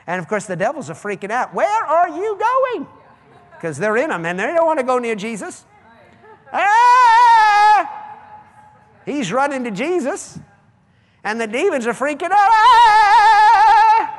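A man preaching a fiery sermon as pastor, swinging between loud, high outbursts and quieter asides. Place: church sanctuary. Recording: long church-hall reverb.

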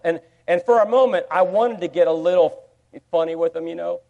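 A man preaching a sermon, telling a story with sudden swings from quiet asides to loud, excited bursts. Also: high-pitched, fairly quick, creaky, lo-fi sound. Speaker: pastor.

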